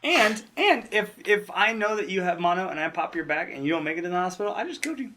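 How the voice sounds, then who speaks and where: A fast-talking tricking coach with a voice that sits high tells a personal story during casual conversation. He's animated throughout, laughing often and swearing loosely.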